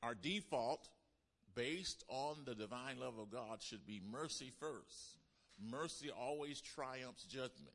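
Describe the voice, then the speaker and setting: A male pastor preaching a sermon, with call-and-response lines, repeated lists and loud bursts of emphasis. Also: medium pitch, expressive, slow pace.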